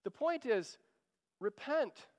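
A man's voice: very high voice, lively intonation, slow, darkish tone, long reverb tail. A man preaching a sermon, earnest and urging, often repeating a phrase as he pleads. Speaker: pastor.

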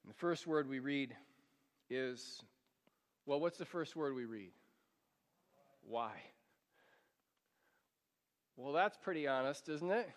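A man's voice: mid-range voice, slow, long pauses. A male pastor preaching a sermon, earnest and pleading, drawing the congregation into reading along. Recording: long hall reverb.

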